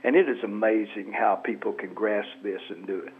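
A man's voice: lowish voice, steady tone, normal speed. Male guest over a tinny phone line. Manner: earnest, reflective, preacherly. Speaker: guest author and pastor. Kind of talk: radio interview by phone.

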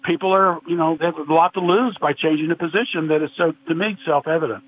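A man's voice: on the high side, fairly even intonation, quick pace. A man earnestly arguing a point of theology in a discussion, quoting scripture at length. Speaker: podcast guest. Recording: tinny phone-like line with faint noise.

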